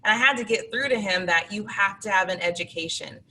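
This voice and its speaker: Bright-voiced woman telling stories. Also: mid-range voice, fairly quick. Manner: chatty anecdotal, acts out students. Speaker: teacher guest. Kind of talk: interview storytelling. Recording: distant mic with faint background noise.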